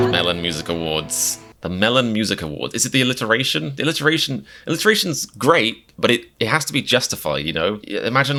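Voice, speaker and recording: A man's voice: on the low side, big pitch swings, fast talker, hardly any pauses, sharp tone, faint music behind. A man giving casual reaction commentary as a comedian, chatty and wry, with lots of fillers and self-mocking asides.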